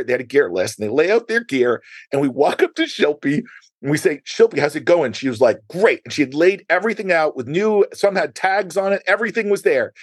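A middle-aged man hosting a podcast, telling stories in an animated way and acting out quoted dialogue. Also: on the high side, no echo. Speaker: podcast host. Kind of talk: conversational storytelling.

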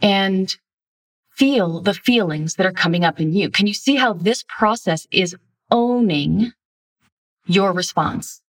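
A woman's voice: medium pitch, slow pace, far from the mic. A woman talking as a relationship coach, giving direct, emphatic self-help instruction in a blunt manner.

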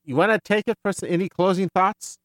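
A man hosting a casual book discussion podcast, animated and tripping over his words. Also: high voice, a little fast, no room sound. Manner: animated, stumbling restarts. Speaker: podcast host.

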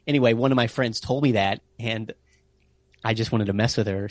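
An American man casually telling travel stories in an interview, animated and sprinkling in playful Italian phrases. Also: on the low side, fairly quick, dry recording. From United States. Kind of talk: casual storytelling chat.

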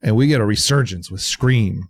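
A man in his thirties co-hosting a casual movie review podcast, talking in an animated, profane way and mocking studio thinking. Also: on the low side, normal speed. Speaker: podcast co-host.

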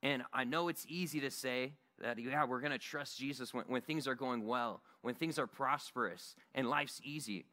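A man's voice: medium pitch, moderate pace, hardly any pauses, bright, forceful tone. A man giving a sermon at a Bible study in a church meeting room, earnest and conversational.

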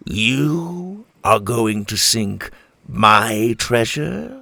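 A man's voice: mid-range voice, very animated, very slow, creaky, bright, forceful tone, no echo, full character voice. A man voicing a cocky male pirate captain with a playful, mocking manner. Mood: menacing.

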